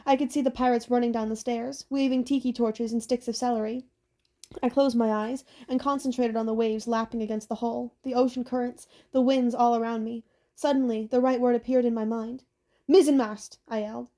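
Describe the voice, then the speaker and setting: A woman narrating a first-person adventure audiobook in a steady, even storytelling delivery. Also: fairly high pitch, brisk.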